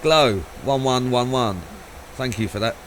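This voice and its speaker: A man's voice: mid-range voice, a little slow, a little hiss or hum, rough recording. A man live-streaming a flight simulator, chatting casually, rambling, swearing and laughing a lot.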